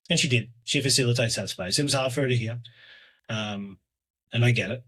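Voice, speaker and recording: A man in his thirties hosting a solo podcast, talking in a hesitant, reflective way with lots of fillers and restarts, often trailing off quietly. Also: mid-range voice, a little fast, husky. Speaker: podcast host.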